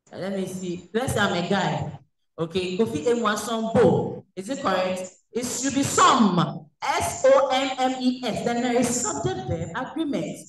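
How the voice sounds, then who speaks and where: A woman with a fairly high voice teaches at a slow, deliberate pace. She keeps asking the class questions and then answering them herself. She sounds distant from the mic on an echoey video call, with a faint hiss behind her. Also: a bit bright. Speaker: French teacher. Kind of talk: online class lecture. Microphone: video call recording.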